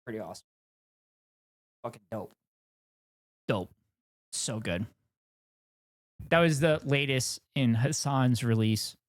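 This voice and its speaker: A man's voice: medium pitch, takes it slowly, pauses often, no room sound, studio quality. A man streaming live, casually reacting and joking with plenty of swearing. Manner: profane, animated and joking.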